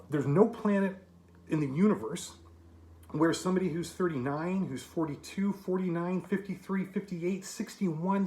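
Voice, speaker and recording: A man's voice: on the high side, darkish tone, echoey room. A man in his fifties giving an emphatic, argumentative monologue to camera with rhetorical asides. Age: 50s. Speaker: commentator.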